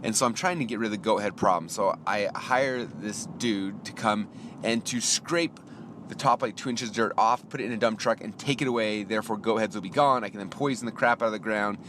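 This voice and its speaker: A man's voice: lowish voice, fairly bright tone, slight background noise. A man hosting a podcast, telling a story in a casual ranting monologue and acting out both sides of the conversation. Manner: gets heated and fast when exasperated. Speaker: podcast host. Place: inside a car.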